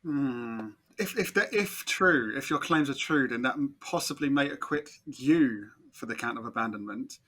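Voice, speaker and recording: A man with a bright, forceful voice plays the accuser in a joking mock trial. He keeps a mock-formal, prosecuting tone. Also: medium pitch, expressive, normal speed, few pauses. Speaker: podcast co-host acting as accuser. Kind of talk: mock courtroom banter.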